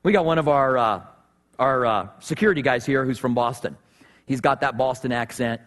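A man preaching a sermon as pastor, animated and joking as he tells stories. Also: medium pitch, moderate pace. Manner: animated, humorous storytelling. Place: church sanctuary. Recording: long reverb of a church hall.

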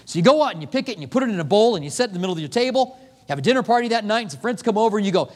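A man's voice: sits high, rapid-fire. A man preaching a sermon as pastor, acting out little dialogues as he goes. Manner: animated preaching with acted-out dialogue. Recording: long hall reverb.

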